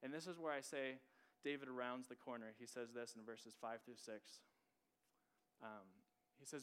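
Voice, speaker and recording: A man's voice: medium pitch, moderate pace, a bit bright, smooth. A young man preaching a sermon as a pastor, earnest and conversational, often repeating his key phrases for emphasis.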